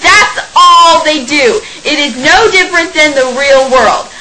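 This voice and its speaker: A woman's voice: high voice, measured pace, noisy background. A young woman in her late teens ranting to camera, exasperated and sarcastic, laughing between complaints. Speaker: vlogger.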